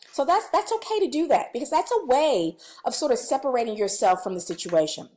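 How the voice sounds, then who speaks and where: A woman leading a recorded staff training on conflict, talking casually and acting out sample dialogue. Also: sits high. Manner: lively, conversational, acts out sample dialogue.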